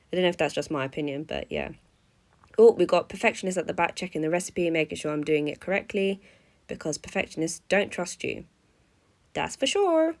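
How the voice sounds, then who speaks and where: A young woman, chatting through a cooking vlog in a playful, self-mocking way. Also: lowish voice. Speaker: vlogger.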